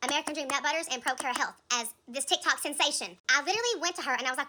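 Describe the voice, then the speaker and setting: A woman's voice: high voice, very fast, hardly any pauses, bright, forceful tone, a little hiss or hum. A woman telling an emotional story in an emphatic, fired-up rant, repeating her points. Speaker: TikTok creator in a played clip.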